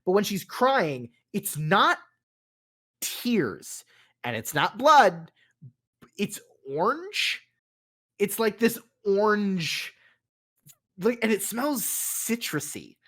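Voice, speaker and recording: A man's voice: high-pitched, sing-song, extremely slow, long pauses, bright, forceful tone. Rambling casual game master man. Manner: casual, rambling, with many fillers and restarts. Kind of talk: narrating a tabletop game.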